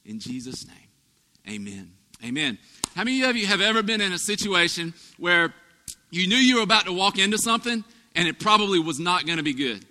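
A man's voice: sits high, animated, fast talker, sharp tone, in a large hall. A male pastor preaching a sermon, telling folksy stories with asides to his congregation. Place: church sanctuary.

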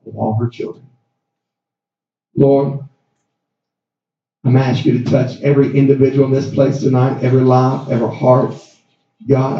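A man's voice: mid-range voice, dark tone. A male pastor in a church, preaching a sermon and praying fervently, breaking into repeated calls of "God" and rebukes. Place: church sanctuary. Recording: echoey, dull church sound.

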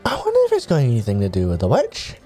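Gruff Scottish gardener, folksy, lively lilt, mellow tone played by a man. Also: medium pitch, quick pace, soft background music, pitched below the performer's own voice. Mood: gossipy. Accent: put-on Scottish. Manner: folksy, calls people "boy". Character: gruff chatty male village gardener.

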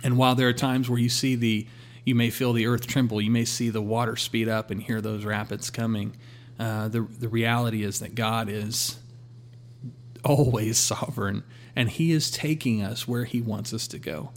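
A man sharing a personal faith testimony in a relaxed conversational way, acting out his talks with God. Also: medium pitch, moderate pace. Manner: storytelling, quotes God in a calm voice.

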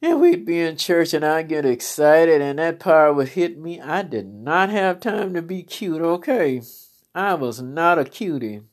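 A woman's voice: low-pitched, sing-song, measured pace. A woman minister telling stories from church life in a fervent, storytelling testimony, exclaiming praise now and then.

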